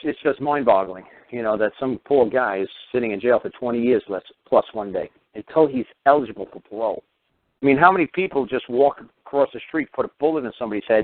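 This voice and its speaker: An older radio talk host delivers an angry, ranting monologue packed with heavy profanity and emphatic repetition. His medium-pitched voice is lively and quick. The audio is dry and tinny, like a phone line, with no echo.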